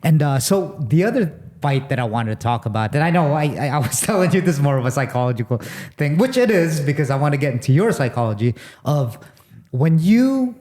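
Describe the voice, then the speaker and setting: A man's voice: on the high side, big pitch swings, fairly quick, a little mellow. Guy host asking questions, kinda rambly, lots of um and you know. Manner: rambling questions with fillers and restarts. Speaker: interviewer, host. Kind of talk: casual interview questions.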